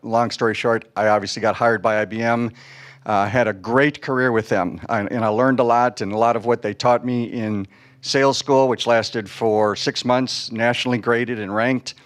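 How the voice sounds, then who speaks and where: A man in his sixties from Chicago, a panelist telling his career story in a halting way, full of fillers and restarts. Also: mid-range voice, steady tone. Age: 60s.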